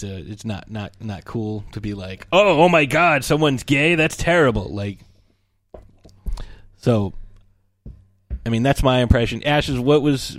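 A man co-hosting a podcast, retelling a movie scene in a casual, animated way with some swearing. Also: on the low side, no echo. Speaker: podcast co-host.

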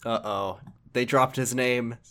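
A man's voice: medium pitch, steady tone, slow, a bit bright, smooth. A man casually retelling a video game story with wry jokes, as a podcast co-host. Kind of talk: casual chat.

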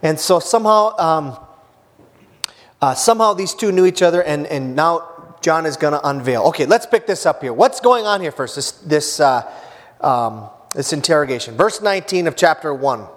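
A man's voice: fairly high pitch, animated, moderate pace. A man preaching a sermon as pastor, in a casual joking way with many fillers and restarts. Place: church hall. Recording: church hall with long reverb.

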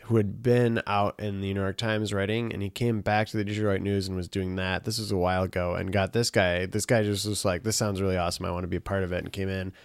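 A man's voice: low voice, level tone, fast, few pauses, clean tone, no room sound, clean studio sound. A man co-hosting a podcast in casual, rambling chat, laughing often. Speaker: podcast co-host.

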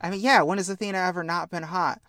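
Excitable, higher-voiced young man. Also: fast, no room sound, studio quality. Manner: enthusiastic, swears freely, lively storytelling. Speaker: podcast host. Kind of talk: casual chat.

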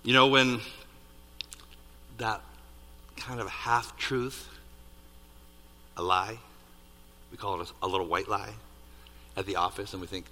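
A man preaching a sermon, building to loud peaks on key points and dropping to hushed asides. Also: on the low side, takes it slowly, long pauses. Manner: animated, rising to near-shouts on emphasis, dropping to hushed asides. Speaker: pastor. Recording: reverberant hall.

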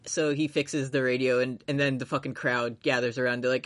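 A man's voice: mid-range voice, little pitch movement, fairly quick, hardly any pauses, a bit bright. A man co-hosting a casual anime recap podcast, rambling, swearing freely, laughing often and acting out characters' lines. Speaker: podcast co-host.

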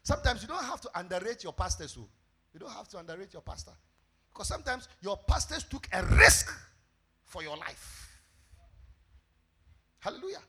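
A male pastor, preaching a fervent sermon that breaks into shouts and sung phrases. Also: high voice, sing-song, moderate pace, pauses often, husky.

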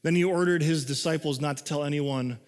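A man preaching a sermon in a conversational way, reading scripture and explaining it, moving between excited and hushed delivery. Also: fairly high pitch, fairly quick. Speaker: pastor. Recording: long hall reverb.

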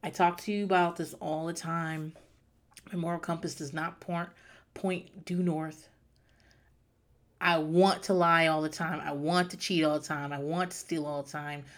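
A woman's voice: sits low, little pitch movement, a little slow. A woman hosting her podcast, telling a self-mocking story in a rambling, profane, casual comedic monologue. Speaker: podcast host.

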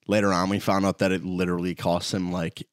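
A young man with a fairly low voice, joking and laughing through a loose podcast chat and swearing freely. The sound is close and dry. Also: level tone, quick pace, no echo. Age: 20s. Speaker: podcast co-host. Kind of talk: casual chat.

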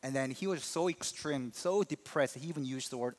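A man preaching a sermon as a pastor, telling a personal story in an animated, emphatic way. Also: medium pitch, brisk, few pauses, slight background noise.

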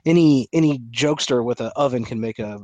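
Animated man ranting on a podcast. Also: medium pitch, brisk, no echo, muffled recording. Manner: animated, joking rants, frequent restarts. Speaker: podcast co-host. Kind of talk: casual sports chat.

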